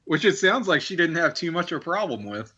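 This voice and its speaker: Co-host, male, bright edgy tone, dull mic, wry commentary. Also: a little high, very animated, fairly quick, breathy edge. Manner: wry, wordy asides. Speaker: podcast co-host. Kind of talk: casual chat.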